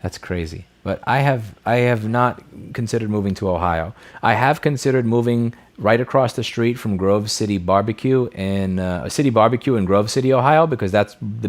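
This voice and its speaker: A man hosting a casual livestream, reading viewer messages and answering them bluntly, often swearing. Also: fairly low pitch. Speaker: livestream host answering chat.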